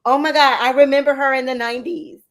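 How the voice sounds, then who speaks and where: A woman's voice: high voice, fairly even intonation, fast talker. A woman hosting a casual talk show, upbeat and cheering on her co-hosts.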